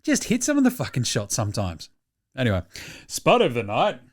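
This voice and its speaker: A man's voice: medium pitch, a little fast. A man with an Australian accent hosting a sports podcast, joking and swearing in casual chat. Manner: profane, animated and joking. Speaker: podcast host.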